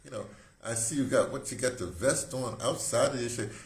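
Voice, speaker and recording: A man's voice: mid-range voice, fairly quick, creaky. A man around seventy, hosting a rambling, casual monologue, often breaking off and circling back mid-thought. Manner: digressive, self-interrupting, conversational. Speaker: host. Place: room, indoors. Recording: echoey room with faint hiss.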